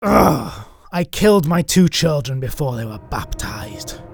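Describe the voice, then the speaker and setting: A man voicing a sullen, defiant woman ghost with brutal fists, in his own fairly high voice. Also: big pitch swings, a little slow, vocal fry, soft background music, full character voice.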